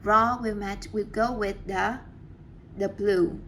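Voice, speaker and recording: A woman teaching an English class, patient and encouraging, giving clear step-by-step instructions. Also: medium pitch, steady tone, takes it slowly, fairly bright tone, slight background noise.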